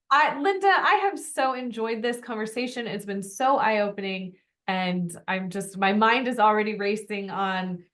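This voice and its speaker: Enthusiastic woman podcast host. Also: medium pitch. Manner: warmly encouraging, enthusiastic affirmations. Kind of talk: casual interview chat.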